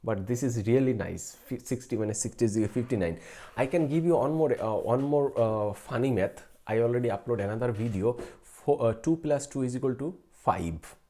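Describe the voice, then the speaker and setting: A man's voice: medium pitch, a little fast, dark tone. A man in his late twenties hosting a live stream about math, answering viewers casually and hesitantly, with many fillers, restarts and chuckles. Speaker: math channel host.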